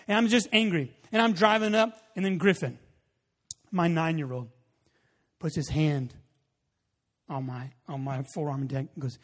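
Animated high-voiced male pastor in a reverberant hall. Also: normal speed, long pauses. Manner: animated storytelling, acts out his own reactions. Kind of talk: sermon.

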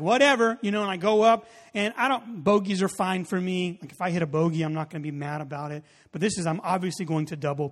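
Animated high-voiced male pastor in a reverberant hall. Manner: animated storytelling, acts out his own reactions. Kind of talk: sermon.

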